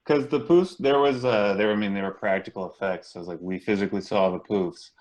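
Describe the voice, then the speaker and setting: A male actor being interviewed, talking in a relaxed way and thinking aloud. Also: on the low side, fairly quick. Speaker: actor guest. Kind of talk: casual interview.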